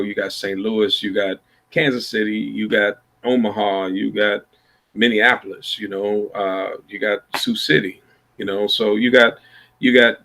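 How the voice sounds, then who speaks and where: A man's voice: fairly low pitch, bright, forceful tone. A man from Iowa, a blues musician, telling stories in a laid-back, rambling way over a video call. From Iowa, USA. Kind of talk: casual storytelling chat.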